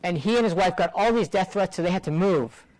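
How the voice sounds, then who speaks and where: An impassioned middle-aged man addresses a room of students, earnest and emphatic, often circling back on his words. His voice sits a little high for a man, and the sound is close and dry, with almost no room echo. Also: fairly quick, darkish tone. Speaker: guest speaker, rural doctor. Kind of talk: speaking to a student audience.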